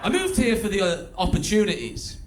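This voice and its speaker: Lively Stoke-on-Trent man doing stand-up. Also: high-pitched, fairly quick, a little hiss or hum. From England. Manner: chatty and wry, with bursts of loud mimicry. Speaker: stand-up comedian. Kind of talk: stand-up comedy set. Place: comedy club stage before a live audience.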